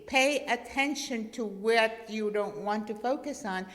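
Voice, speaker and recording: A woman minister preaches at a slow, gentle pace and comes back to her key words again and again. Her voice carries a long reverb, as if it fills a big church hall. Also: on the high side. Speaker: guest minister. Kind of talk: sermon.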